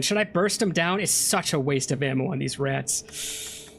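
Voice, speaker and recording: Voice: mid-range voice, a little slow, slight background noise. A let's play host giving casual gameplay commentary, chatty and joking while reading game text aloud.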